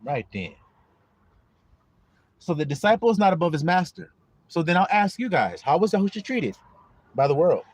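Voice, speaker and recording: A high-pitched man preaching to his online flock, his voice swinging widely up and down as he jokes, swears and fires rhetorical questions. The sound is close and dry, with no room around it. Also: big pitch swings, normal speed, pauses often, no room sound. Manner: profane, mocking and laughing, rhetorical questions. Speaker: online preacher and livestream host. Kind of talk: streetwise livestream preaching.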